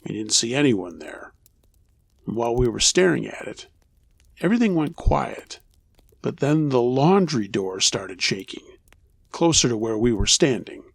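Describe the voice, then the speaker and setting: A man narrating true scary stories in a low, steady storytelling voice. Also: vocal fry, dry recording.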